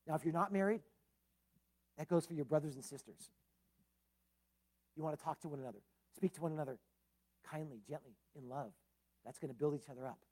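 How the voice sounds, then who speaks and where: A man preaching a sermon as pastor, swinging between loud emphasis and soft low tones, with casual asides like "man" and "uh". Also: brisk, pauses often.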